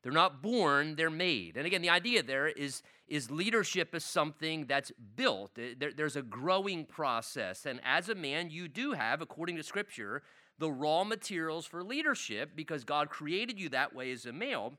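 Middle-aged guy teaching a church men's class, bright forceful voice, kinda high, emphatic, repeats stuff for emphasis. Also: very animated, normal speed.

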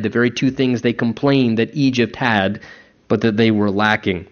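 A man's voice: lowish voice, flat delivery, moderate pace. A man preaching a conversational sermon as a pastor, acting out quoted voices as he goes. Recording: dull lo-fi recording.

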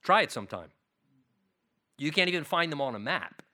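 A man with a bright, forward voice preaches through a Bible passage. He is earnest and hammers home key phrases by repeating them, and he sits a little high in pitch. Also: very animated, fairly quick. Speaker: pastor. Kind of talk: expository Bible sermon.

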